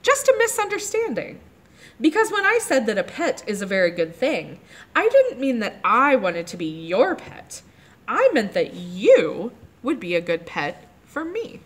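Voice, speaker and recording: A giant brontosaurus speaks with unhurried, courteous calm, never raising a fuss. A woman reads him aloud for children, her voice lively and sing-song even as he stays polite. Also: on the high side, exaggerated voice.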